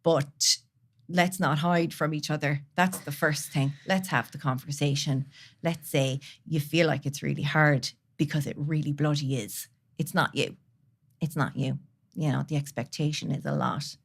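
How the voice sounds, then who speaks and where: Low-voiced woman talking heartfelt. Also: fairly even intonation, normal speed, gravelly. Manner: earnest, heartfelt, drops into soft near-whispers. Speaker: podcast guest. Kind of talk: candid conversational interview.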